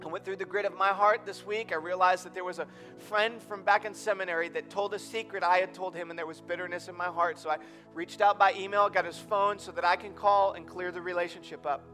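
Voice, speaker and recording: A man's voice: sits high, steady tone, fairly quick, sharp tone, faint music behind. A man in his thirties preaching a sermon in a church, earnest and storytelling, building to emphatic appeals. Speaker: pastor. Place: church auditorium.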